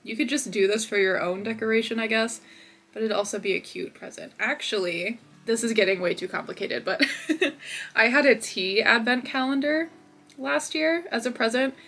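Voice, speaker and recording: Speaking from her home office, a young woman chats through a crochet video in a relaxed, upbeat vlog manner, filling it with lots of fillers. Her medium-pitched voice sounds gravelly yet somewhat bright.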